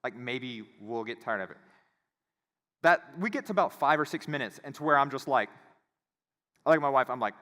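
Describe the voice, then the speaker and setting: A man giving a conference talk, telling a casual, animated story and acting out the voices of the people in it. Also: mid-range voice, fairly quick, pauses often. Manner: animated, acts out quoted voices. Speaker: conference speaker. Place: conference hall. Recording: reverberant hall.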